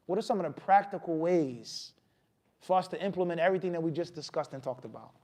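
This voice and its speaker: A man giving a mosque lecture, animated, often putting questions to the audience. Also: fairly high pitch, fast. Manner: animated, asks the audience questions, acts out scolding. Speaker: imam giving a talk.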